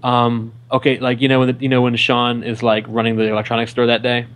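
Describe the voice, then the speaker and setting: A man's voice: medium pitch, monotone, quick pace, fairly bright tone. Rambling young man reviewing films. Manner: rambling, heavy use of "like". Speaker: film show co-host. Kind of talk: casual film review chat.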